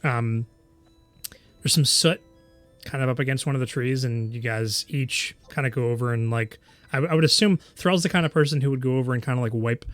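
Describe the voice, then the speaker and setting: A man's voice: mid-range voice, fairly bright tone, no room sound, faint music behind. A man narrating as game master, describing scenes with many fillers and restarts. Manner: halting, filler-heavy description.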